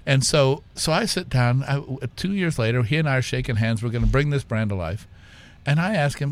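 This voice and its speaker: A man tells a lively anecdote as a podcast guest. He pauses with fillers, restarts sentences, and leans into the punchlines. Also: medium pitch. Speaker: guest, whiskey company co-founder. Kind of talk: conversational storytelling.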